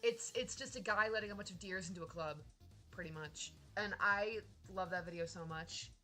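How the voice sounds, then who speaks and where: A young woman streaming, chatting casually in an excitable, rambling way with lots of laughter. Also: on the low side, moderate pace, faint music behind. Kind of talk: casual live-stream chat.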